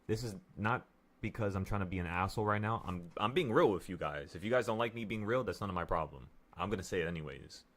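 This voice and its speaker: A man's voice: deep voice, fast, fairly bright tone. Fired-up young man doing trading math. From New York. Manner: talks through sums aloud, blunt and pumped up. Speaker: trading vlogger. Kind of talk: casual talk to viewers.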